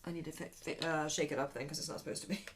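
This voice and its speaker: A woman's voice: low-pitched, fairly even intonation, rapid-fire. A middle-aged woman chatting casually with her daughter while doing makeup, teasing and laughing often. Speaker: beauty vlogger, mother. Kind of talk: casual chat.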